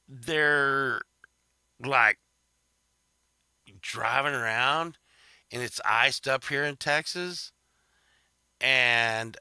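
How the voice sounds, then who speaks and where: A man retells a story in a slow, drawn-out delivery, rambling and swearing with laughing asides. His voice is very bright and cutting, and the sound is dry and close with no room echo. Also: mid-range voice, gravelly, clear, resonant tone. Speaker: podcast host. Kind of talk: casual storytelling monologue.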